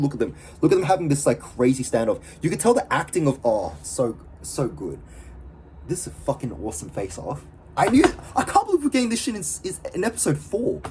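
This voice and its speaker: A man vlogging in a casual, excitable way, slangy and profane, with lots of fillers. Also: medium pitch, a little hiss or hum. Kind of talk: casual talk to camera.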